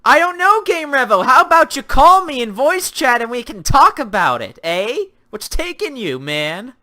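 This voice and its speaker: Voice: high voice, big pitch swings, normal speed, sharp tone. A young adult livestream host chatting casually with viewers, reading chat aloud and ranting sarcastically about games.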